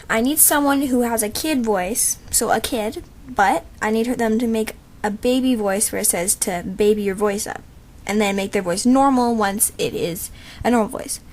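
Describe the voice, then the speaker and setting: A woman's voice: fairly high pitch, moderate pace, a little mellow. A woman with a thin, slight voice, chatting casually and rambling as she explains a voice casting call. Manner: rambling and chatty, with many fillers and asides. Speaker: creator announcing a voice casting call.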